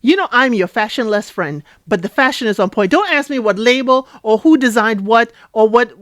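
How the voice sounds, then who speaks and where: A woman hosting a casual TV recap and review, chatty and animated, talking straight to her viewers. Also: on the high side, normal speed, no echo, studio quality. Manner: chatty, animated, addresses viewers directly, frequent "you know" and "okay?". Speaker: TV recap host.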